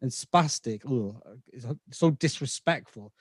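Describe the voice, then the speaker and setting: A man's voice: mid-range voice, animated, a little slow, no room sound, studio quality. A man in his fifties from England with a slight Scouse accent, a podcast guest explaining at length and checking in with his listener. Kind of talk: casual interview talk.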